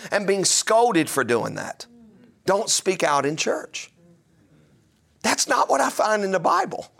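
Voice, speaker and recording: A man's voice: high voice, a bit bright. A middle-aged man preaching a sermon, emphatic and full of rhetorical questions. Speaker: pastor.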